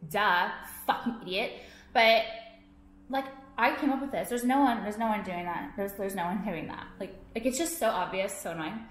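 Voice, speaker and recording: A woman's voice: medium pitch, fairly quick. A young woman vlogging to her viewers, ranting in a profane, exasperated way and filling her talk with "like". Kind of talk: casual ranting to camera. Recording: echoey room.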